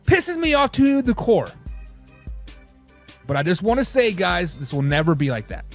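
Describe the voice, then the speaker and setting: A man hosting a live sports talk show, reading fan comments and ranting in a casual, animated way. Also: sits high, normal speed, soft background music.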